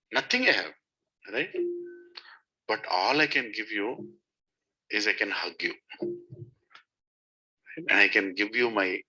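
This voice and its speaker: A man voicing a humble, tender god-king in a devotional story, speaking gently and pleadingly. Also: fairly low pitch, exaggerated voice. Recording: dull lo-fi recording.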